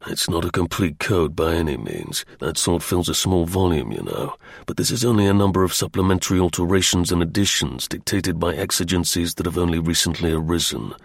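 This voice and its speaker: A man's voice: low-pitched, expressive, a little fast, gravelly, hardly any pauses, dry recording, clean studio sound, pitched below the performer's own voice, exaggerated voice. A man voicing a stern male secret service agent who talks in clipped, threatening lines. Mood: explaining.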